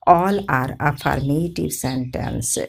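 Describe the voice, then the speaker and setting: Teacher, female, slow and gravelly, methodical drills, lowish voice. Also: a little hiss or hum. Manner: measured, methodical, repetitive drilling. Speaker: English teacher. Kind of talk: slow grammar lesson with drilled example sentences.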